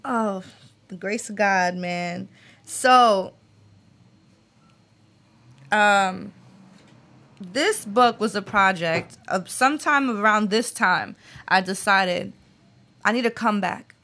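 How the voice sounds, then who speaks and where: Bright-voiced woman poet in her late twenties. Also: medium pitch, takes it slowly, long pauses. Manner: earnest and reflective, frequent fillers. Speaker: guest author and poet. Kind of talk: interview chat and spoken-word poetry reading.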